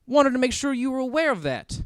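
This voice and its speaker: Stand-up bit: man playing a polite formal traffic cop, pitch a bit raised, dry close sound. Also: sing-song, fairly quick, fairly bright tone, dry recording, exaggerated voice. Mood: politely formal. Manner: courteous, formal.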